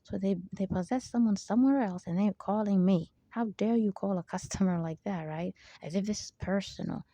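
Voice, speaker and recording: Woman, emphatic and digressive, gravelly vocal fry, average pitch, solo talk. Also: brisk, few pauses, mellow, no echo. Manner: emphatic, digressive, frequent "there you go". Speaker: channel host. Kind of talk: rambling spiritual monologue.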